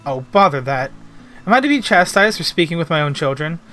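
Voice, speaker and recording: A warm, doting noblewoman from a fantasy game, speaking in refined, old-fashioned turns of phrase, read aloud by a man on a game stream. The voice is bright and sits fairly high, with faint music underneath. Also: very animated, a little fast. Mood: gracious. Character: gracious upper-class mother, warm and doting.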